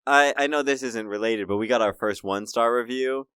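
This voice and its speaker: Male podcast co-host, smooth and resonant, easygoing and chatty. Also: mid-range voice, a little fast, a bit bright, dry recording, clean studio sound. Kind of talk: casual podcast banter.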